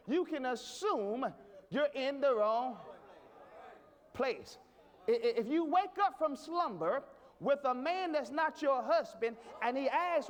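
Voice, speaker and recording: A man's voice: very high-pitched, animated, measured pace. A man pastor a sermon, emphatic, repeating his questions for effect.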